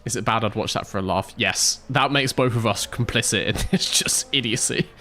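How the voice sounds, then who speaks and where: A man's voice: fairly low pitch, moderate pace, bright, forceful tone, faint music behind. A man casually chatting on a live stream while playing a racing management game, joking with chat and laughing often into a desk microphone with a pop filter. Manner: jokey, laughs often, reads chat aloud.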